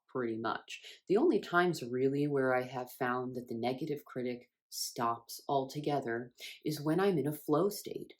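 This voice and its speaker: A woman speaking as a spiritual wellness creator in a reflective self-help monologue, earnest and expressive, with sudden rises in emphasis. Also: deep voice.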